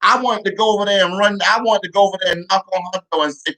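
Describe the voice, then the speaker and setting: A man's voice: high voice, racing, hardly any pauses, bright, forceful tone. A man telling comic childhood stories in a rambling, profane way with many restarts. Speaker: comedian. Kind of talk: comedic storytelling.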